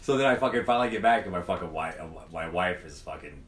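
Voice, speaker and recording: A man's voice: low-pitched, lively intonation, fast talker, fairly bright tone. A man telling a long, profane, rambling story in casual chat, acting out the other people's lines. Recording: echoey room, mic far off.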